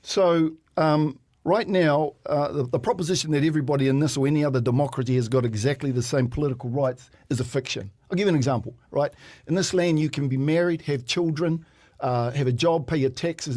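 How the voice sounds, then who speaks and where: Formal, deliberate New Zealand debater. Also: male voice, a little high, a little mellow. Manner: deliberate, formal, argues step by step. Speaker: debate speaker. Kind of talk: public debate.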